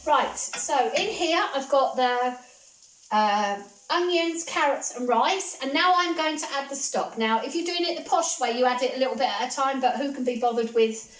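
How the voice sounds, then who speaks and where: A woman's voice: high-pitched, normal speed. Chatty, reassuring woman cooking at home. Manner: chatty, reassuring, repeats phrases for comfort. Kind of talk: casual chat while cooking. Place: home kitchen.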